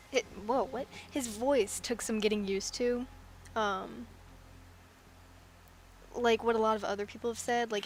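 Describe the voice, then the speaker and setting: A woman with a voice on the high side chats casually while drawing on stream, rambling and giggling with self-deprecating asides. There is slight background noise.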